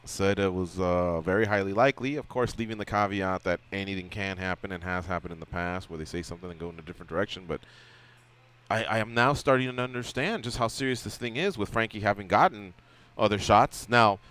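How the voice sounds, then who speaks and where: A man's voice: on the low side, a little fast, fairly bright tone, smooth. A male radio host chatting casually about fighting, joking and teasing his guest. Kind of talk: casual sports radio chat.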